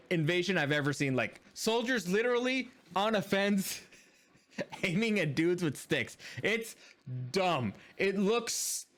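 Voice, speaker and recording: A man with a slightly high voice gives a casual spoken film review. He talks in a loose, rambling way and is blunt and dismissive. He keeps repeating the same flat put-downs. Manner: loose and rambling, with many fillers and restarts.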